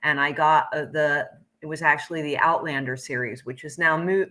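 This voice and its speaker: Bright-toned, lower-pitched woman. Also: steady tone, normal speed. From Pennsylvania, United States. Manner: rambling, thoughtful storytelling. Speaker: spiritual teacher, co-host. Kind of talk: casual chat.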